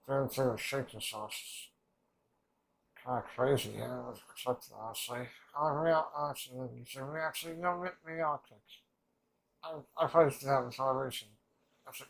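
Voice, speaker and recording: A man's voice: mid-range voice, steady tone, normal speed, vocal fry, fairly bright tone, rough recording. A man reacting to an anime episode in rambling, emotional casual commentary, swearing often and restarting his sentences.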